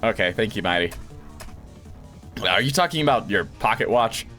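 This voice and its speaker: Animated young man reading a game aloud. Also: on the low side, moderate pace, faint music behind. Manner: animated, reacting and acting out lines. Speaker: voice actor doing a game playthrough. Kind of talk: reading a visual novel aloud with commentary.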